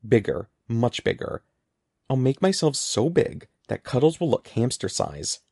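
Man reading schoolboy, anxious, earnest, gravelly, dry close sound. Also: mid-range voice, sing-song, unhurried, warm tone, dry recording, heavily acted. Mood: urgent. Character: anxious determined schoolboy, Evan.

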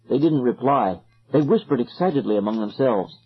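A man narrating a story in an expressive, suspenseful way, on a dull lo-fi recording. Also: medium pitch, moderate pace, slightly rough. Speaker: audiobook narrator.

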